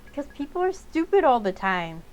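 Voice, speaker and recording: A woman's voice: sits high, sing-song, moderate pace, darkish tone, faint music behind, voice pushed up. A woman voicing a defiant, hot-tempered young girl in a game, blunt and combative.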